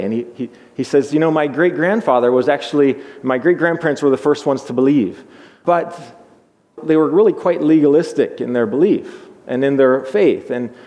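A pastor giving an earnest, measured sermon, often repeating words as he thinks aloud. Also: mid-range voice, darkish tone. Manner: earnest, measured preaching with repetitions. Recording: long hall reverb.

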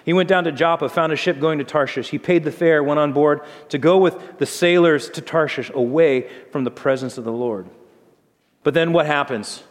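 A man's voice: a little high, moderate pace. A male pastor preaches a sermon in a conversational, storytelling manner. He lets his voice drop for dramatic moments, and a long reverb trails each line, as in a large hall.

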